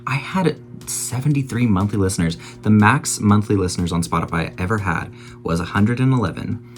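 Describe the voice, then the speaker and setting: A man's voice: fairly low pitch, a little fast, faint music behind. A man in his twenties chatting casually in a vlog while baking at home, chatty and self-mocking, swearing freely. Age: 20s. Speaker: YouTuber.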